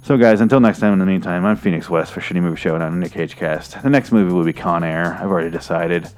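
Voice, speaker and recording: A man's voice: sits low, fast, darkish tone, soft background music. A man hosting a movie review show, rambling in an exasperated, profane rant. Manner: rambling, exasperated, swears freely.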